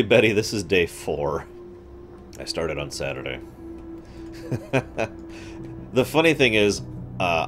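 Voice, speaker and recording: A man chatting through a game playthrough, self-deprecating and quick to laugh. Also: low-pitched. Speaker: gamer commentator. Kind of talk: let's-play commentary.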